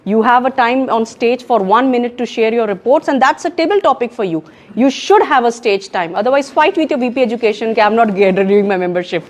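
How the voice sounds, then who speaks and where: A woman with a Pakistani accent giving an emphatic, animated talk on public speaking at a club meeting. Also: fairly high pitch. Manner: emphatic and animated, mixing in Urdu phrases. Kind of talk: education session talk. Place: meeting room in a co-working space.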